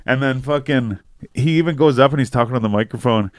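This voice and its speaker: A man's voice: medium pitch, quick pace, a crowd in the background. A man in casual chat, rambling and swearing, often acting out what people said. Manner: rambling, profane, acts out quotes.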